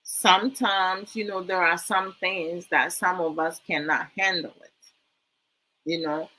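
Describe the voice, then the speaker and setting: Slow, warm-toned woman hosting a live stream. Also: fairly low pitch, steady tone, a little hiss or hum, low-quality recording. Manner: reads out and thanks viewer comments; frequent fillers, slow and earnest. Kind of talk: casual live stream talk.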